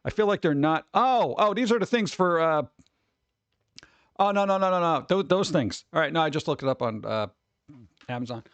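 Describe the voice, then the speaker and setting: A man's voice: a little high, expressive, moderate pace, pauses often, smooth, no echo. A man chatting casually with his stream chat, rambling with many restarts. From New York. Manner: rambling, restarts, mimics people in quotes.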